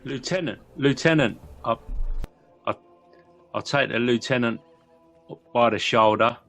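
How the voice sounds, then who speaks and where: A man's voice: mid-range voice, level tone, measured pace, vocal fry, fairly bright tone, soft background music. Hesitant man playing a game. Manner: hesitant, repeating words. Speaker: player. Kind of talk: tabletop role-play.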